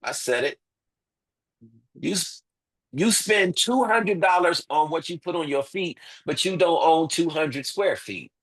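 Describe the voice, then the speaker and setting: A man's voice: on the high side, lively intonation, measured pace, fairly bright tone, rough recording. A man as an interview guest, making his case emphatically with rhetorical questions and repeated points. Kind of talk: impassioned interview talk.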